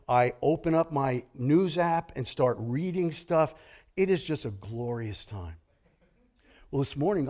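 A middle-aged male pastor delivering a sermon with a high, lively voice that swings widely in pitch. He talks in an animated, joking way, acting out grumbling complaints. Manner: animated, grumbling impressions, jokey asides.

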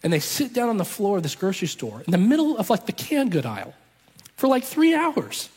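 A man's voice: sits high, wildly swooping pitch, fast talker, darkish tone, breathy edge. A man preaching a sermon, telling a story with passion and driving his points home through repetition. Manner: impassioned storytelling with emphatic repetition. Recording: long reverb of a large hall.

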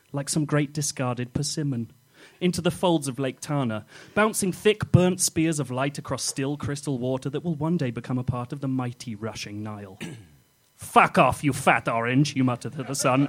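Male comic storyteller: playful, animated, higher than average, keeps laughing. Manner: playful, often breaking into laughter. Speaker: podcast host reading his own comic story. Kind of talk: comic second-person narration.

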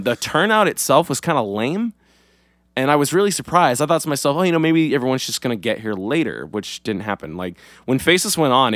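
A man's voice: medium pitch, fairly bright tone, no room sound, studio quality. A young man casually co-hosting a podcast, telling a story in a rambling way with many fillers and swearing freely. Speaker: podcast co-host. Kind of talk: casual chat.

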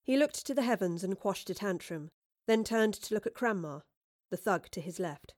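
A woman's voice: mid-range voice, animated, moderate pace, a little mellow, dry recording, studio quality. A woman narrating an audiobook, reading with expression and voicing the characters. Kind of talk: scripted narration.

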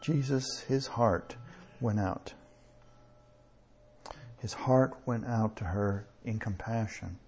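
A man preaching a sermon in a conversational way, with chuckles and slow emphatic pauses. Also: on the low side, darkish tone, soft background music.

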